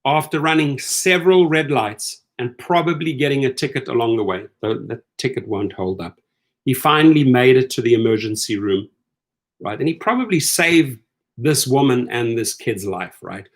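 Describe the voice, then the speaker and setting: A man's voice: medium pitch, normal speed. A middle-aged man hosting rideshare commentary in a casual, incredulous rant, acting out the people he quotes. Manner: animated, incredulous, acts out quoted lines.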